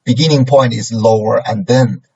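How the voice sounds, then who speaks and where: A man's voice: medium pitch, steady tone, normal speed, a little mellow, slightly rough. A man teaching a language lesson, patiently modelling sounds and checking in with "right?" after each point. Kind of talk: classroom lesson. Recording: dull lo-fi recording.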